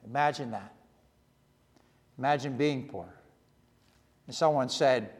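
A man preaching a sermon in earnest, short repeated phrases with pauses. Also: medium pitch, expressive, a little mellow, in a large hall. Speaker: pastor.

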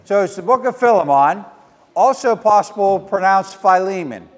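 A man's voice: high-pitched, moderate pace, big-room sound. A man preaching a sermon as pastor, with a stutter and self-deprecating asides, praying and reading scripture aloud in a church. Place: church sanctuary.

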